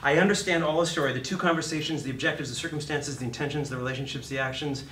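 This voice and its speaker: Loud swearing acting teacher guy, acts out scenes, kinda far off the mic in a roomy hall, light hum behind. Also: a little high, steady tone, racing. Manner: profane, acts out voices and shouts mid-talk. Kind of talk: animated lecture acting out scenes. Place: lecture room. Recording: echoey room, heard from off mic.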